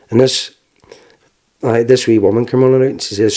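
A man in his forties with a Belfast accent, giving frank personal testimony in an interview, telling it plainly with halting restarts. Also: mid-range voice, fairly even intonation, a little mellow. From Northern Ireland.

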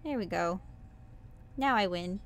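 A woman's voice: mid-range voice, expressive, measured pace, a bit bright. A woman streaming as a VTuber, chatting casually and playfully with her viewers, breaking into squeals and cutesy sound effects. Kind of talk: casual livestream chat.

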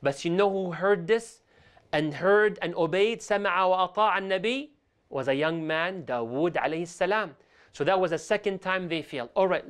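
A man's voice: high-pitched, smooth. A man teaching a religious lesson as a sheikh, talking animatedly and switching between English and Arabic. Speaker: sheikh teaching Islamic stories.

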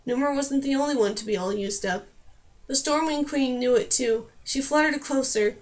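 A woman narrating a fantasy novel aloud as an audiobook, in a steady storytelling voice. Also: high voice, normal speed.

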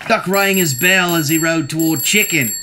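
A woman reading children's picture books aloud in a slow, animated way, adding her own asides. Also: low voice, background noise. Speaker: storybook reader.

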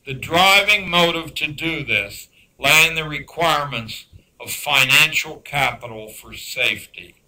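A man giving a public lecture on education, emphatic and dryly sarcastic, slowing down to stress key words. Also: on the high side, pushed and bright, rough recording. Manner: dry sarcastic asides.

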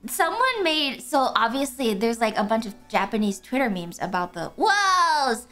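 A woman's voice: a little high, sing-song, moderate pace, sharp tone, faint music behind. A woman streaming a farming game, chatting casually with a friend in a giggly, playful, teasing way.

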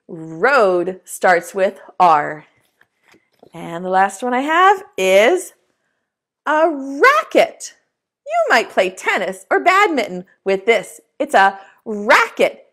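A woman teaching a preschool lesson, talking to young children in a slow, encouraging way and asking them to repeat words after her. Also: mid-range voice, fairly bright tone.

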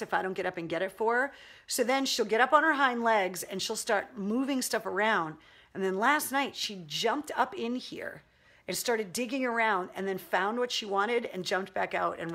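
A woman's voice: medium pitch, lively intonation, moderate pace, a bit bright. Chatty woman hosting a casual livestream. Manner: chatty, rambling, baby talk to her dog. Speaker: live stream host. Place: at home.

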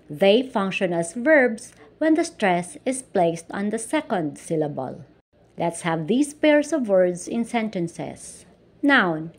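A woman giving a scripted English grammar lesson, reading example sentences slowly and deliberately, stressing each syllable with care. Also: mid-range voice. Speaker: English teacher.

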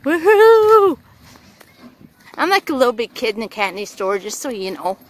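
Gushing, excitable woman at a fairground. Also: medium pitch, fast talker, slight background noise. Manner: gushing and excitable, repeating exclamations, whooping. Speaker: vlogger. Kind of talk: casual vlog commentary while filming. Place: outdoors at a fairground.

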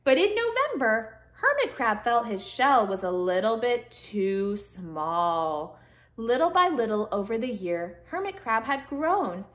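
A woman storyteller reading a picture book to young kids, her voice swooping up and down with lively expression. She takes her time, drawing each phrase out slowly, and keeps stopping to coax the children into freezing, wiggling and cheering along. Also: on the high side. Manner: animated, guiding children through movements.

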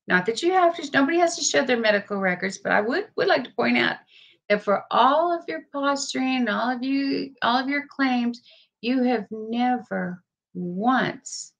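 Teary woman chatting on her home vlog, slow and a bit high. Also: creaky. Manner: chatty, tearful, talks to her dogs. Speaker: vlogger. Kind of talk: casual livestream chat.

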